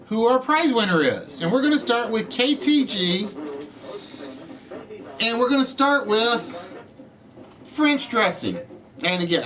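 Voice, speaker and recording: A man hosting a live-streamed chat game show, with showy, drawn-out announcing. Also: sits high, fairly bright tone, distant mic.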